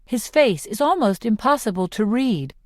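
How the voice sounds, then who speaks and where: A woman narrating a novel in the first person as an audiobook, reading slowly, clearly and with measured phrasing. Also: fairly high pitch, sing-song, no room sound, clean studio sound.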